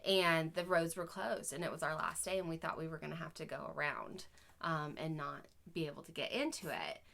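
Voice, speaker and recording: A woman in her thirties, co-hosting a family podcast, talks fairly quickly in a deep, gravelly voice with a bit of brightness. It's a casual chat full of laughter, and she's open about what she's feeling.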